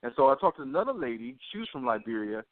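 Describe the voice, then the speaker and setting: A man's voice: mid-range voice, big pitch swings, fast, dry recording. A man co-hosting a podcast, telling a long story full of quoted dialogue. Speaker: podcast co-host. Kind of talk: casual storytelling. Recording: tinny phone line.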